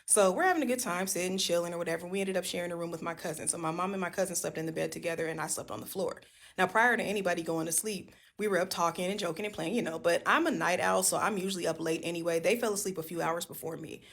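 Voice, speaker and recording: A woman casually telling a ghost story to her viewers, animated and profane, addressing them as y'all. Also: lowish voice, quick pace, gravelly.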